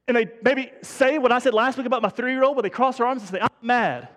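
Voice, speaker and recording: High-voiced guy preaching, chatty but keeps hammering points, long hall echo. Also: steady tone, fast talker, a bit bright. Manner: conversational preaching with emphatic repetition. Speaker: pastor. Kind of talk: sermon.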